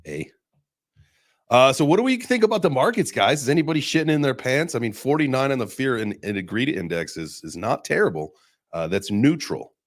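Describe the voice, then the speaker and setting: A man's voice: mid-range voice, big pitch swings, a little fast, no room sound, studio quality. A young man hosting a casual crypto podcast chat, talking loosely with some cursing. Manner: loose, profane banter. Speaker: crypto show host.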